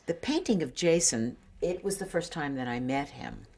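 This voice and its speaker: Very low-voiced older woman recounting memories. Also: animated, moderate pace, a little mellow, slightly rough, no echo. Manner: storytelling, laughing, acting out quotes. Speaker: interviewee recalling a friend. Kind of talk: documentary interview.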